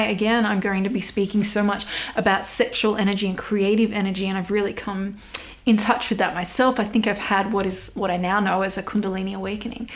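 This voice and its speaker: A young Australian woman hosting her own podcast, talking candidly and swearing casually, with frequent laughter. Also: medium pitch. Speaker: podcast host. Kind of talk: casual solo podcast chat.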